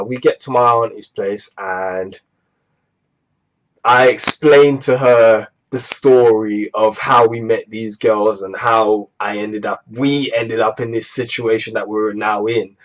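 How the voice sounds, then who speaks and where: Animated young storyteller. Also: male voice, fairly low pitch, a little slow. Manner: animated, exasperated, swears freely. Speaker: vlogger. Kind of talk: storytime vlog. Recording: dull lo-fi recording.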